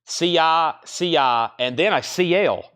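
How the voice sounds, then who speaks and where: Fast-listing man calling an auction. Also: fairly high pitch, fairly bright tone, clear, resonant tone. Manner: rapid-fire listing of items and prices, chatty asides. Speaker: live record sale host. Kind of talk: live-stream auction calling.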